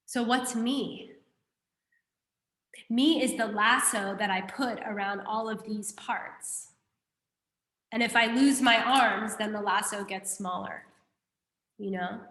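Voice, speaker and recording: A woman teaching a class, explaining a Buddhist text in a lively, conversational way and putting questions to her students. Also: medium pitch, slow pace, pauses often, roomy sound.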